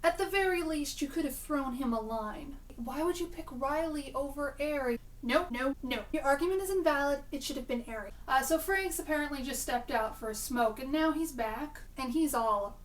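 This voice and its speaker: A chatty young woman running through a TV episode review, sarcastic and excitable by turns. Her voice is high and bright, picked up a little away from the mic. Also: moderate pace, hardly any pauses, distant mic. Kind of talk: casual video review.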